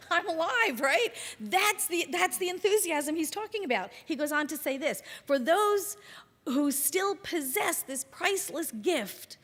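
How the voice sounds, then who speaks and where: Animated woman minister preaching in a reverberant hall. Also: fairly high pitch. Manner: conversational and animated, asks the congregation questions. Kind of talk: sermon.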